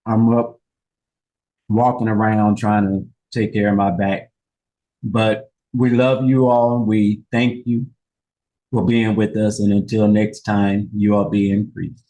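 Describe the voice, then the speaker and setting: A man co-hosting, who gives a relaxed, friendly sign-off while walking around off camera. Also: on the low side, slow pace, rough recording. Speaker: co-host. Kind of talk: casual sign-off.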